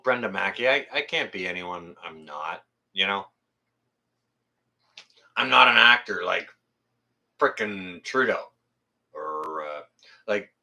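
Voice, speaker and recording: Blunt, sharp-voiced man chatting live. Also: fairly low pitch, vocal fry. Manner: blunt, plain-spoken, swears freely; rambling, self-correcting delivery. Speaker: YouTube channel host. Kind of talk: casual livestream chat reading viewer comments.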